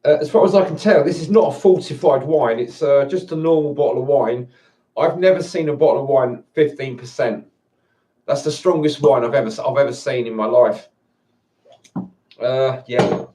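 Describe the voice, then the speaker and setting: Man vlogger, mid pitch, rambling and hesitant, heard from a distance at home. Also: normal speed, dark tone. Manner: rambling, hesitant, chuckling often. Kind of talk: casual solo live-stream chat. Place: indoors at home. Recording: voice distant from the mic.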